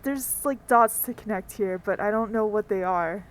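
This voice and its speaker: A woman playing a tabletop game, talking in an anxious, excitable way. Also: mid-range voice, moderate pace, rough recording. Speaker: player.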